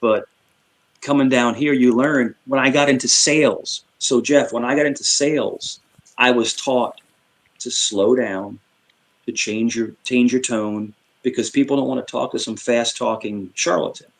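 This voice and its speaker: A middle-aged man from Queens with a New York accent talks in a casual group chat on a stream. He jumps between rapid bursts and a slowed, calming tone, and uses a lot of fillers along the way. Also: mid-range voice, low-quality recording. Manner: switches between fast-talking and slow, calm delivery; chatty, with many fillers. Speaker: stream panelist.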